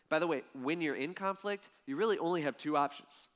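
High-pitched guy preaching, animated and chatty, gets loud then drops way down. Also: brisk. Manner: animated, conversational preaching with dramatic swings in loudness. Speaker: pastor. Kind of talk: sermon.

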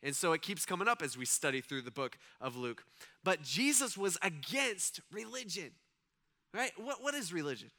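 A man's voice: high-pitched, normal speed. A man preaching a casual, conversational sermon, acting out voices and asking his audience questions. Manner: animated, conversational, acts out voices, asks the audience. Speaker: pastor.

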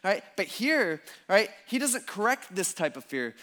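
A male pastor preaching a conversational sermon to a church congregation, telling the story in a casual, animated way with lots of fillers. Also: high-pitched, moderate pace. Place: church service before a congregation.

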